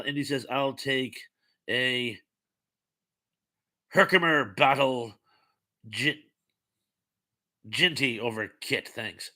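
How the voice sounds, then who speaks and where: A man's voice: mid-range voice, slow, pauses often, sharp tone. A man hosting a casual livestream, reading viewer comments aloud and rambling loosely between them with many ums and uhs. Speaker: host.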